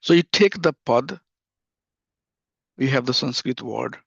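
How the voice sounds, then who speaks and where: A man's voice: medium pitch, expressive, a little slow, vocal fry, a bit bright, breathy edge, no echo, muffled recording. A man teaching a scripture class, explaining step by step and checking in with "right?" and "you know".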